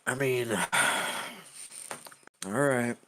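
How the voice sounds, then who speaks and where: A man narrating as game master of a tabletop game, halting and full of fillers. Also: medium pitch, sharp tone, a little hiss or hum.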